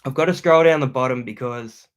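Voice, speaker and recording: A young adult man with an Australian accent, chatting loudly and casually on a livestream as he reads out viewer comments, full of slang. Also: mid-range voice, fairly quick. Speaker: YouTuber hosting a livestream.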